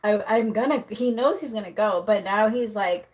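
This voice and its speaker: A woman's voice: mid-range voice, normal speed, few pauses, poor audio. A woman doing a casual live tarot reading, talking loosely with lots of fillers and acting out what the man thinks. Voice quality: lively, voices the client's partner with swearing. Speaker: tarot reader.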